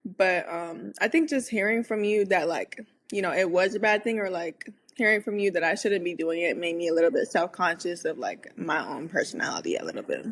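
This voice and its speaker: A woman's voice: fairly low pitch, lively intonation, fairly quick. A young woman speaking openly and thoughtfully as a guest in a casual chat, with many casual fillers. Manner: open, thoughtful, filler-heavy. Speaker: guest, host's daughter.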